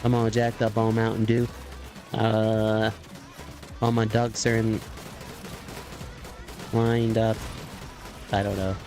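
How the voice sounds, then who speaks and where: A low-voiced man rambles through a live game stream, drifting between jokes and idle musings. He chuckles and clears his throat often, speaking in a loose, casual way with faint music playing underneath. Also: completely flat delivery, slow pace, pauses often.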